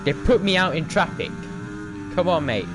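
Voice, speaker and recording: A young man streaming a racing game live, talking to the other drivers and calling his own laps in excited commentary. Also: on the high side, moderate pace, background noise.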